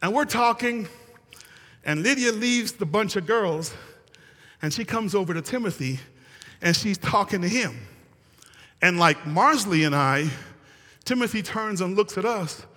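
Animated bright-voiced preacher in a reverberant hall. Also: male voice, sits high, measured pace, pauses often. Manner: animated storytelling preacher, calls out to the congregation. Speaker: pastor. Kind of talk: sermon.

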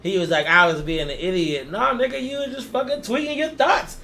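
A young man co-hosts a loose podcast. His voice sits high, and he talks loudly in slang with plenty of swearing and laughter. A faint hum of background noise sits under him. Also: fairly even intonation, a little fast, creaky. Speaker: podcast co-host. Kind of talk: profane casual chat.

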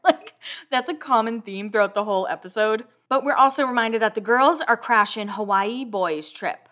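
A woman's voice: on the high side, fairly quick, a bit bright. A woman hosting a casual recap of TV episodes, chatty and full of "like" fillers.

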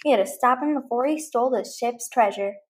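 A woman's voice: a little high, brisk, natural voice. A woman doing a heroic space ranger toy.

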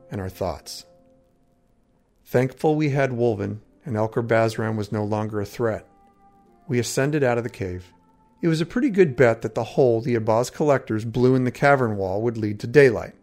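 A man narrating a first-person fantasy adventure story in a dramatic, steady way. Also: medium pitch, moderate pace. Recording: faint background music.

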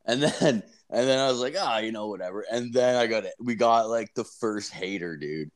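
A man's voice: fairly low pitch, moderate pace. A young man co-hosting a casual podcast, swearing constantly and laughing as he acts out stories. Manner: profane, laughing storyteller acting out exchanges. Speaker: podcast co-host.

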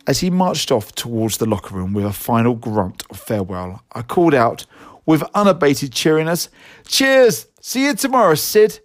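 A man reading his own reflective first-person story in a gentle, self-deprecating way, now and then correcting his own slips. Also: medium pitch.

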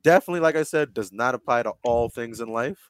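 A man chatting casually and swearing freely, telling stories in an animated way with plenty of "like.". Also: mid-range voice, quick pace, clean tone, dry recording. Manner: profane, animated storytelling full of "like". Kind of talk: casual chat.

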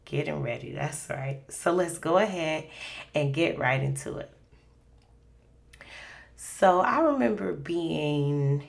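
A woman's voice: deep voice, vocal fry. A woman hosting a faith podcast, telling a personal story in a rambling, conversational way full of fillers. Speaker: podcast host.

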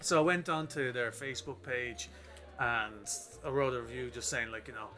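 A man's voice: medium pitch, moderate pace, bright, forceful tone, faint music behind. Profane storyteller man. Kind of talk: casual storytelling chat.

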